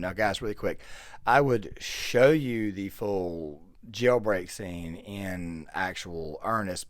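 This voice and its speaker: A man's voice: deep voice, no room sound. A man giving a casual voiceover commentary that walks through a film's plot step by step, with the odd filler. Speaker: YouTube film commentator.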